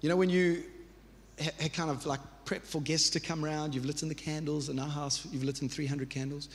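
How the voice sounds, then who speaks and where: A man's voice: fairly high pitch, level tone, fairly quick, slight background noise. A man in his thirties preaching a sermon as pastor, earnest and conversational, with restarts and repeated phrases. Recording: reverberant church hall.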